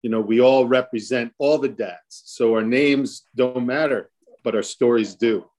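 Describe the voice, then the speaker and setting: A man's voice: mid-range voice, a little slow, a little mellow. A man moderating a live online panel of dads, talking in a loose, joking way with frequent restarts. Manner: rambling, jokey, with restarts. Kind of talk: casual panel discussion.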